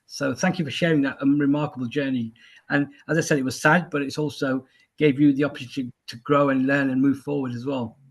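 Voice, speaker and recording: A man hosting a live online health talk, thanking a guest and asking her questions in halting, restarting phrases. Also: mid-range voice, steady tone. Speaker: host.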